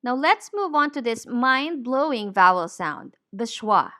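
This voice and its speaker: A woman teaching English pronunciation, saying each word deliberately and clearly. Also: a little high, sing-song, bright, forceful tone. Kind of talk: slow, careful pronunciation lesson.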